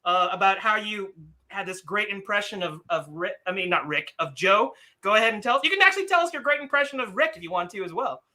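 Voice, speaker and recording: A man's voice: high-pitched, lively intonation, fast, bright, forceful tone. A man hosting a casual livestream chat, upbeat and laughing, often stumbling over his words. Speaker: host.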